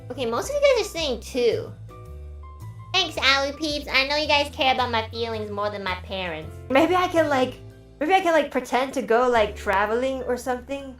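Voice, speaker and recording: High-voiced woman streamer chatting. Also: normal speed. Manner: animated storytelling, swears, acts out quotes. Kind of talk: casual chat. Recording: roomy echo, faint music.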